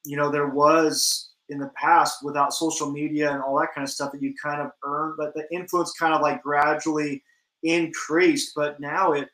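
Podcast host guy, kinda hesitant, flat voice, echoey room. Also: fairly high pitch, moderate pace. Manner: hesitant, thinking aloud, many fillers. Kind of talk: interview questions.

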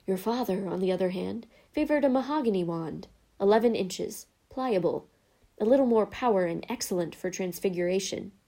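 A woman voicing a soft-spoken, eerie old male wandmaker who talks slowly and quietly, then bursts into excitement. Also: mid-range voice. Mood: hushed.

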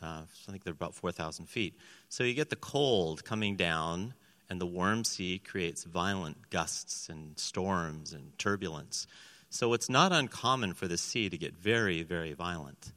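A man with a lowish but bright, forceful voice preaches a sermon, telling the story with animation and slipping into the voices of the people in it. His words ring out with a long reverb in a large church hall. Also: a little slow. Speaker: pastor. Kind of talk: sermon with scripture reading.

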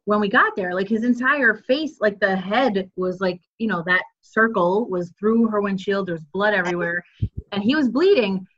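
A woman's voice: medium pitch, normal speed, a bit bright, highs cut off. A woman EMT telling a work story in casual chat, full of filler words. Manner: chatty storyteller, many filler likes.

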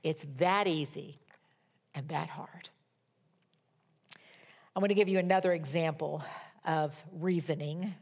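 A woman preaching a sermon and reading scripture dramatically, swinging from loud emphatic peaks down to hushed whispers. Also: low-pitched, fairly even intonation, a little slow, pauses often.

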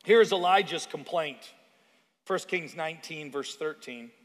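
A man's voice: on the high side, a little slow. A man preaching a sermon as pastor, in a conversational way with asides and stories from his own life. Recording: long reverb of a large hall.

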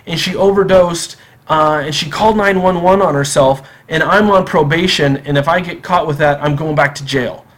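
A man's voice: on the high side, moderate pace, close to an everyday voice. A man voicing a nervous, apologetic young intruder who pleads in a slightly raised voice. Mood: pleading.

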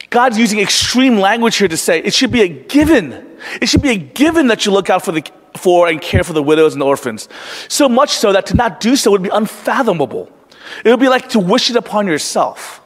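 A man preaching a sermon as pastor, explaining earnestly and sometimes restarting his words. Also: high voice. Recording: reverberant hall.

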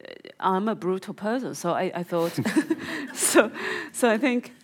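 A woman's voice: medium pitch, lively intonation, measured pace. A woman from China who is an author and filmmaker, talking in an interview with frequent restarts and many "you know"s, and reading aloud from her memoir. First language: Chinese.

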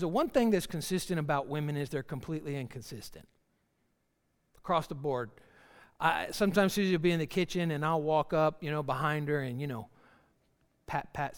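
A man's voice: fairly high pitch, clear, resonant tone. Joking man preaching in a big hall. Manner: folksy, joking, with acted asides. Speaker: pastor. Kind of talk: sermon. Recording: reverberant hall.

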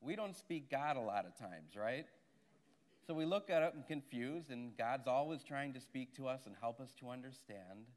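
A male priest preaching in an easy, conversational manner, telling a story and then drawing a lesson from it. He often checks in with his listeners along the way. The voice sits at an ordinary middle pitch for a man. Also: animated, normal speed. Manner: conversational storytelling with "right?" asides. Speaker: Catholic priest. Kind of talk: sermon.

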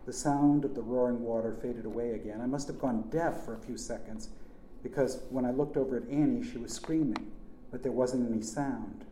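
A man's voice: mid-range voice, fairly even intonation, moderate pace, mellow, slight background noise. A man narrating a first-person story in a plain, earnest manner. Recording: echoey room.

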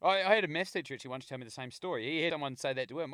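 A man's voice: on the high side, racing, fairly bright tone, no room sound, clean studio sound. A man co-hosting a podcast, joking in casual banter. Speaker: podcast co-host. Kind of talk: casual chat.

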